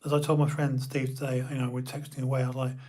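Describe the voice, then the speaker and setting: A young man from the UK, streaming an emotional personal monologue, halting and repeating his words as he talks. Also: medium pitch, little pitch movement, a little mellow.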